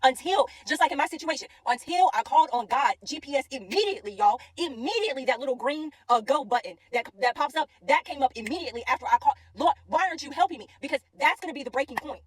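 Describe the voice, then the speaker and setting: A woman's voice: sits high, animated, fast, hardly any pauses. A young woman telling a story in a casual faith devotional, chatty and always checking in with her listeners. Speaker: faith content creator.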